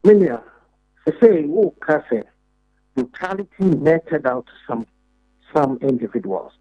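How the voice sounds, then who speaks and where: A man's voice: fairly high pitch, expressive, takes it slowly, dry recording, dull audio. A man with a Ghanaian accent, a government official speaking emphatically in a radio interview, repeating filler words as he makes his points. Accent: Ghanaian English. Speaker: deputy defense minister.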